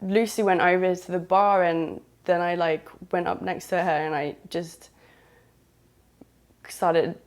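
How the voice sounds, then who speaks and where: A southern English woman recounts her own story in a frank, rambling, chatty manner, dropping in British slang as she goes. Her voice sits a little low for a woman. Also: steady tone, a little slow. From southern England. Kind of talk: candid first-person storytelling.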